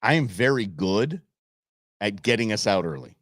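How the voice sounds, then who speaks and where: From his desk at a computer in a home studio, a middle-aged man hosts a live outdoors show, telling stories in a casual monologue. His fairly low voice moves at a normal speed, and he's an animated storyteller who acts out what people said, with clean studio sound and no room echo.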